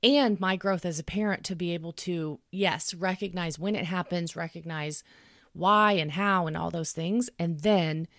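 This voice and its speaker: A woman in her thirties talking in a podcast, explaining calmly and earnestly and acting out what she would say to her child. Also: lowish voice, moderate pace, no room sound, clean studio sound. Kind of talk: conversational podcast talk.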